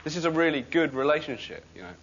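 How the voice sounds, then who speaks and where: A man's voice: fairly high pitch, animated, fast, husky. A man doing a wry, rambling comic monologue in front of a laughing audience. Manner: rambling, wry confessional delivery. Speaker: sketch comedian. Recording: dull recording with loud noise.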